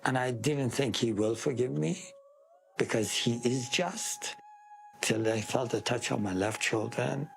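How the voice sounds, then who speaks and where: A man from Iran, giving an earnest, deliberate personal testimony in an interview. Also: medium pitch, gravelly, slight background noise.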